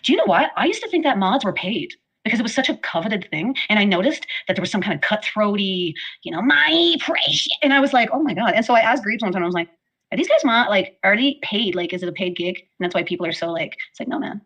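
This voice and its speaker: A woman's voice: medium pitch, animated, fast talker, a bit bright. A woman hosting a casual livestream, rambling and apologetic, her talk full of fillers. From Canada. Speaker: livestream host.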